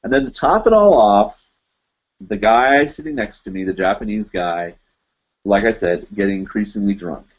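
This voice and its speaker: A man's voice: fairly low pitch, expressive, moderate pace. Rambling man telling a story, lo-fi. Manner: rambling, loaded with "you know" and "like". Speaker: live chat show host. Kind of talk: casual storytelling. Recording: dull lo-fi livestream audio.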